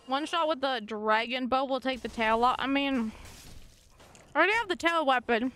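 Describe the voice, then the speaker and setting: Her voice sits a little high as she plays a video game on a live stream, chatting casually and excitedly. Frequent swearing and frustrated outbursts punctuate her commentary.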